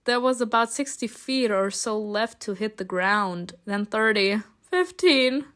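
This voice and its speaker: A woman reading a story game aloud and reacting, excitable and gushing between lines. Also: a little high, unhurried. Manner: excitable, gushing, often laughing.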